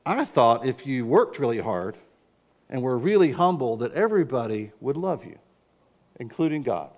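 Man, pastor, sermon, earnest storytelling, middle-aged, mid-pitched voice, bursts of raised volume. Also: sing-song, normal speed. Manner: earnest, storytelling with sudden loud outbursts.

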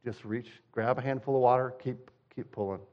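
A man voicing a calm, encouraging savior figure, soft and reassuring. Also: mid-range voice, brisk, dull audio, lightly acted. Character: calm encouraging savior swimming beside someone.

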